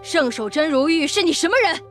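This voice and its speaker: An actress playing a stern older nun who leads a sect, speaking in a sharp, scolding way in a period martial-arts drama. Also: female voice, high voice, animated, fairly quick. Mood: indignant. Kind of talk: period wuxia drama dialogue. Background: drama score music.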